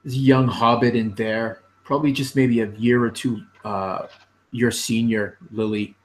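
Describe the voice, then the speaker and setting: A man narrating a tabletop fantasy game as game master, unhurried and full of fillers. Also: medium pitch, fairly even intonation, poor audio.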